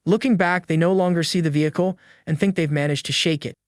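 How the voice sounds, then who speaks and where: A man reading a scripted story recap in an even, steady narrating manner. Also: fairly high pitch, fast talker, no room sound, clean studio sound.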